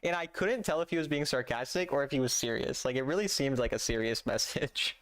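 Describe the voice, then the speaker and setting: Barely pausing, a young man talks quickly in a fairly bright, medium-pitched voice as he streams a game. His casual chat with viewers is relaxed, with dry humor and chat messages read out loud.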